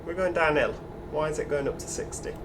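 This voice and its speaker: A man with a Yorkshire accent hosts a gaming channel, giving casual gameplay commentary in a slightly high voice at a somewhat fast pace. He's chatty, musing aloud and talking to the other drivers, over a noisy background.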